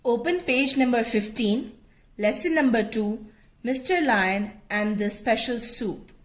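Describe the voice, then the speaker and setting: A woman's voice: on the high side, unhurried. A woman teacher with an Indian English accent reading a lesson aloud and explaining it, asking questions and answering them herself.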